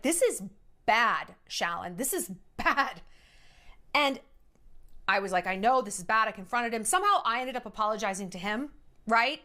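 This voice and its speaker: A woman's voice: fairly high pitch, sharp tone. A woman telling a story about an ex in an emphatic, exasperated way, acting out what people said. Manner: emphatic, exasperated, acts out quotes. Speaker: TikTok storyteller. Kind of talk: casual venting storytelling.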